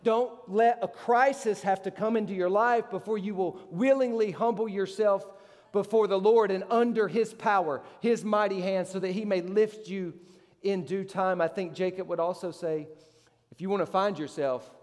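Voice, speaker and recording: A man's voice: high voice, long reverb tail. A man preaching a sermon as pastor, emphatic, his voice leaping up on rhetorical questions.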